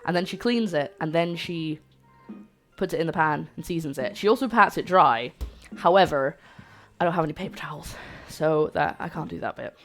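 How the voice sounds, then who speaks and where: A woman's voice: low voice, normal speed, fairly bright tone, soft background music. Chatty woman cooking live. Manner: chatty and rambling, answers chat aloud. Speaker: cooking livestream host. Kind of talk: casual live-stream chat while cooking. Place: home kitchen.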